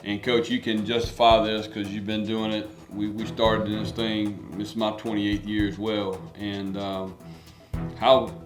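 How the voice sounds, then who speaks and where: A man's voice: lowish voice, level tone, a little slow. A middle-aged man, a baseball coach co-hosting an interview, talking in a folksy, emphatic, rambling way. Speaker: baseball coach and podcast host. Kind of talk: casual interview chat. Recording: echoey room with loud music behind.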